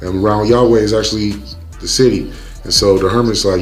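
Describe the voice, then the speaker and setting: A young man with a lowish voice tells a movie's story in loose, slangy, joking recap style. Soft music sits faintly underneath his narration. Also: steady tone, brisk.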